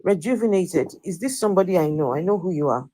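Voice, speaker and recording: Low, husky woman hosting a blunt debate. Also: animated, fast talker, warm tone, rough recording. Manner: firm and blunt, repeats her questions insistently. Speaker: host of an online audio discussion room. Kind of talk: live audio-room debate.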